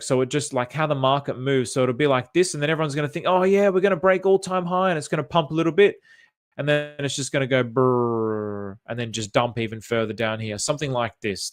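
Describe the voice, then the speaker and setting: Rambling Australian man reading chat comments. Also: medium pitch. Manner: rambling, thinking aloud with many fillers and restarts. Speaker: crypto chart commentator. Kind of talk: casual livestream chat reading viewer comments.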